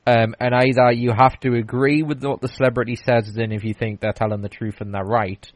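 A man chats casually as a podcast host, wandering through his story with fillers and false starts. His voice sits at a middling pitch. The sound is dry and close. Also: little pitch movement, brisk, dry recording, rough recording. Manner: rambling, many restarts and fillers. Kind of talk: casual chat.

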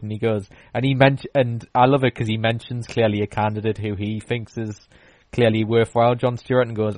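A man's voice: on the low side, level tone, brisk, darkish tone, dry recording. A man in casual chat, telling a long story with many fillers and restarts.

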